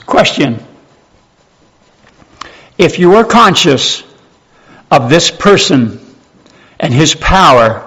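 A man preaching a sermon, emphatic, repeating key phrases slowly and dropping to hushed tones. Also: on the high side, rough recording.

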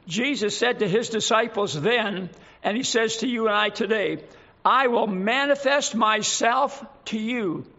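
A man preaching a sermon in a slow, emphatic way, reading scripture aloud and explaining it. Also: extremely high pitch, sharp tone, muffled recording.

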